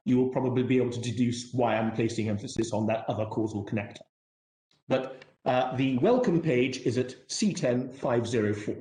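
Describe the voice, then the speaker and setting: Male barrister, mellow voice, measured courtroom submission, echoey room. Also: mid-range voice. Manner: formal, measured, self-deprecating, courteous.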